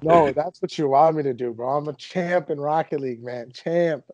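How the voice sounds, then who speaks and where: A young man in his twenties hosting a casual podcast, telling stories with animated, mock-indignant energy. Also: a little high, brisk, dry recording, highs cut off. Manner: animated storyteller, exaggerated indignation. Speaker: podcast host.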